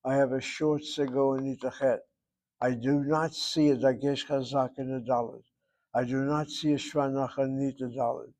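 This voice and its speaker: A man's voice: mid-range voice, mellow. Patient male Hebrew teacher, methodical. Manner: patient, methodical, repeats words for drill. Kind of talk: grammar lesson explanation.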